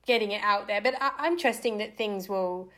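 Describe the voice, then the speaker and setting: A young woman, a writer and actor, telling a candid personal story as a podcast guest, lively and animated with lots of "like". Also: mid-range voice, moderate pace. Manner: lively, animated retelling with filler "like".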